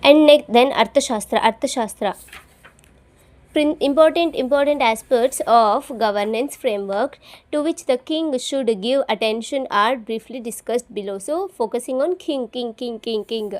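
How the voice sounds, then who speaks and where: A woman's voice: fairly high pitch, normal speed. A woman tutoring for an exam, repeating each key term several times and spelling words out letter by letter. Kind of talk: study-along lesson, repeating terms aloud to memorize.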